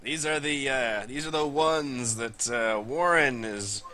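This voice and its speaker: A man's voice: mid-range voice, slow pace, pushed and bright, low-quality recording. A man voicing a flustered middle-aged ranch owner who talks indignantly and sputters. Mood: weary.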